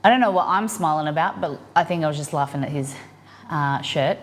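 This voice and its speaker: Her voice sits low and moves fairly quickly, with a little hiss or hum on the recording. She's a cooking streamer in her home kitchen, cheerfully chatting with viewers and answering their messages on her live stream while she cooks.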